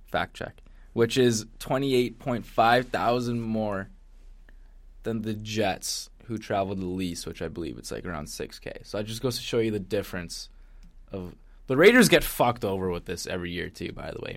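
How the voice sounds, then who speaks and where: A man's voice: lowish voice, moderate pace, no echo. A man co-hosting a casual sports news podcast, ranting sarcastically and swearing often. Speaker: podcast co-host.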